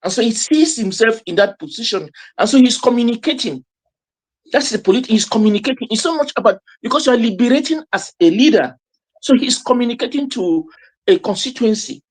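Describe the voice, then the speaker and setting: A man, a professor, giving analytical commentary, halting with many fillers. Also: very high voice, expressive. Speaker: professor, panel guest.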